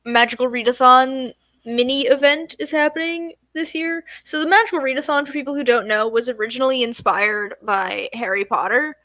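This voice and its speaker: A woman's voice: high voice, normal speed, sharp tone, dry recording. A tired young woman chatting casually on a late-night livestream at home, yawning and drowsy. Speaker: streamer.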